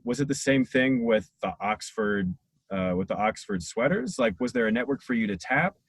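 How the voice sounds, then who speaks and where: A man's voice: medium pitch, lively intonation, normal speed, slightly rough, no room sound. A man hosting an interview, asking long, rambling questions full of fillers. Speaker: interviewer, podcast host. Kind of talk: conversational interview.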